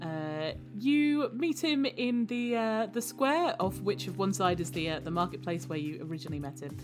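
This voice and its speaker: A woman's voice: mid-range voice, sing-song, moderate pace. Game master woman narrating, music behind. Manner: hesitant, with frequent ums and uhs, narrating warmly.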